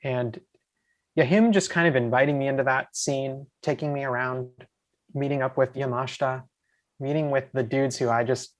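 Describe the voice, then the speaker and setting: A man sits in as a podcast guest and spins enthusiastic stories that wander through plenty of asides. His voice sits in an ordinary middle pitch, and he talks in a loose, casual way. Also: fairly even intonation, moderate pace. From USA. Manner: rambling, enthusiastic, lots of asides. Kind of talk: casual storytelling.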